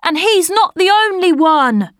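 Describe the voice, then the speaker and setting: A woman's voice: very high-pitched, lively intonation, measured pace, fairly bright tone, no echo, voice pushed up, exaggerated voice. A woman voicing worried young gladiator boys in a storybook, asking anxious questions.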